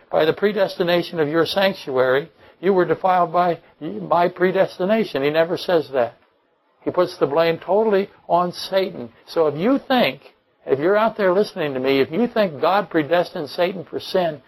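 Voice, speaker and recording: A man's voice: sits high, low-quality recording. A man preaching a sermon to his congregation as pastor, emphatic, with rhetorical questions and dry jokes. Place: church.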